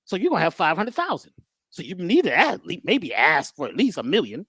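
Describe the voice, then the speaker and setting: A woman's voice: on the low side, sing-song, brisk, a bit bright, slightly rough, no echo, clean studio sound. A woman giving a preachy motivational talk as a guest, full of rhetorical questions, repeated phrases and slang. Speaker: guest teacher on mindset and healing.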